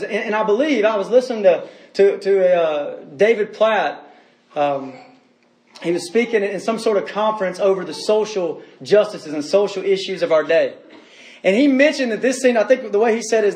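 An earnest pastor preaching to his church, leaning on repeated phrases and rhetorical questions. His voice sits high for a man. The sound carries the roomy echo of a church sanctuary. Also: darkish tone. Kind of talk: sermon.

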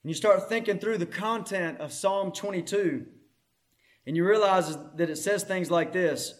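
A man preaching a sermon, moving between hushed scripture reading and loud, impassioned proclamation. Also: high voice, moderate pace.

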